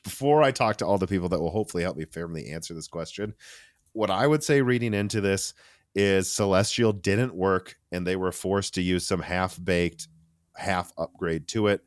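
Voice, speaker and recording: A man with a deep, low voice hosts a casual tech podcast. He talks in an animated, rambling way, restarting sentences and adding asides. The sound is close and dry, with no room behind it. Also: dry recording. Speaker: podcast host.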